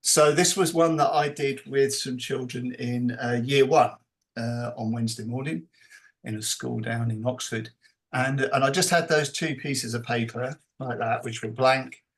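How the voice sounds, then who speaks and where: Over a video call, a man leads a teacher training session, explaining things slowly and acting out bits of classroom dialogue. His voice is medium in pitch and fairly bright, with intonation that stays fairly even.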